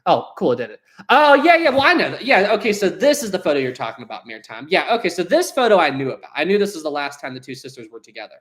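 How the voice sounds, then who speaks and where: A livestream host reads chat aloud and chats casually in a medium-pitched, sing-song voice, rapid-fire with hardly any pauses. She laughs often and hesitates, trailing off with lots of fillers while hunting for words.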